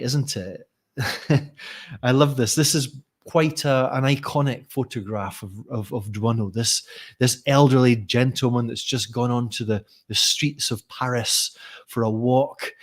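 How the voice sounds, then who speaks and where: A man talking casually as a teacher trainer in a live lesson, musing aloud with frequent restarts. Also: mid-range voice. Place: Barcelona.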